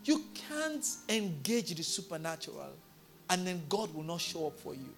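A male pastor preaching a sermon in a church, telling a story and building to loud, emphatic declarations. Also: high voice, very animated, normal speed, soft background music.

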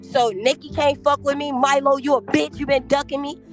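A woman's voice: high voice, fairly even intonation, normal speed, faint music behind. A woman on a podcast, ranting in a brash, profane, confrontational way. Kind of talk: heated casual podcast talk.

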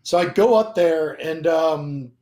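Man, young adult, slightly high voice, emotional personal testimony, rambling, lots of fillers. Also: slow, mellow. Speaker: guest. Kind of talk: personal testimony in casual conversation.

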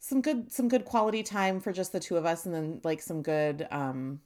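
A woman co-hosting a podcast in casual chat, her voice raspy and hoarse from smoking, animated and laughing often. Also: normal speed. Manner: animated, laughs often, acts out quotes in a high voice. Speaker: podcast co-host.

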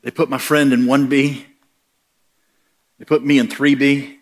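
An American man preaching, telling a funny travel story with lively comic voices. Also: mid-range voice, measured pace. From United States. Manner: animated, comic voices in quoted lines. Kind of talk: storytelling sermon.

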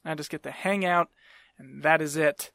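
A man's voice: on the high side, moderate pace, creaky, a bit bright, dry recording, studio quality. A man hosting a podcast, telling stories in a casual, rambling way, swearing freely and laughing mid-sentence. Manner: profane rambling storyteller. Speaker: podcast host. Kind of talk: casual chat.

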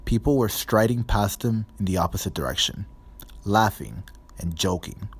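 A man narrating a storybook in a measured, even reading. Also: lowish voice, slightly rough. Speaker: audiobook narrator.

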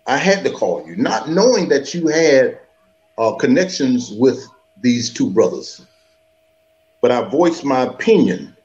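A man from South Florida, a former college football player, speaking slowly and earnestly as a guest on a call-in chat. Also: medium pitch, a little mellow, dull audio. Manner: slow, earnest and heartfelt. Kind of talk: casual chat on a phone call.

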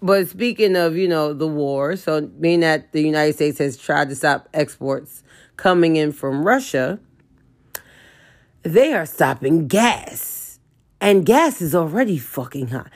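A woman ranting in a profane, comedic way, with her voice jumping high and loud in heated outbursts. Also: lively intonation, unhurried. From New York.

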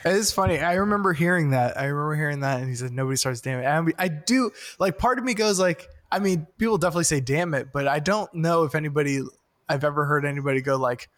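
A man in casual podcast chat who laughs often and jumps high when acting out his own swearing. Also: quick pace, fairly bright tone.

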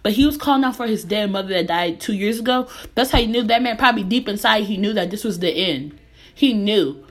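Young american woman on her podcast, earnest and emphatic, repeats stuff for emphasis, mid pitch. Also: expressive, a little fast. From United States. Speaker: podcast host. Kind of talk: impassioned personal commentary.

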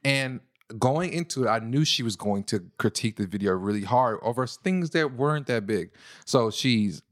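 A man co-hosting a casual relationship talk, telling stories in an animated way. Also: brisk, no room sound, studio quality. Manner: animated storyteller, jumps into a high falsetto to tease. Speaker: podcast co-host.

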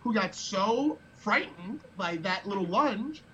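A man's voice: high-pitched, lively intonation, slow, bright, forceful tone, muffled recording, a little hiss or hum. A man guest telling a story in a casual, rambling way, often repeating words as he thinks.

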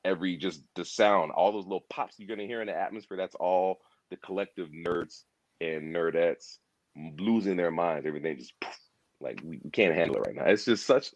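A low-voiced man rambles animatedly through a casual conversation about a TV series, repeating himself and acting out lines. The pop culture chat has no echo.

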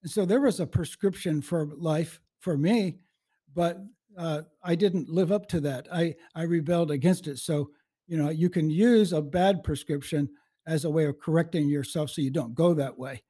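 A man's voice: on the high side, normal speed, warm tone. A man in his seventies, a guest in a casual interview, telling stories in a folksy, rambling way, often restarting his sentences. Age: 70s.

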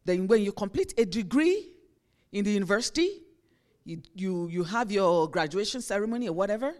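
A woman's voice: medium pitch, lively intonation, brisk, a little mellow. Woman pastor preaching conversationally. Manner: conversational preaching with acted-out everyday examples. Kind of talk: sermon.

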